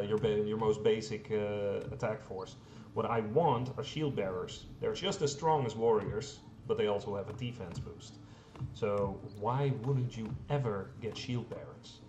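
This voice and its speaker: Casual gamer man in a roomy echo. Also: medium pitch. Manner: rambling, self-deprecating, frequent fillers and mild swearing. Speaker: let's play host. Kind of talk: casual gameplay commentary. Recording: roomy echo, faint background hum.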